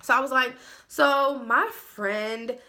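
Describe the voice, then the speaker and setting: A woman tells a casual story on her vlog, from her room at home. Her voice is bright and a little sharp. She talks loosely and swears a lot, with fillers all through. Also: high-pitched, fairly even intonation, slow. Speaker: vlogger telling a story.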